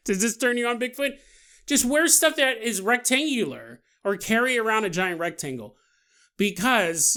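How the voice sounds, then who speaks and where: A man's voice: very high voice, huge pitch swings, a little slow, sharp tone. A man hosting a podcast, riffing through a comedic monologue and laughing often as he acts out silly scenes. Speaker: podcast host.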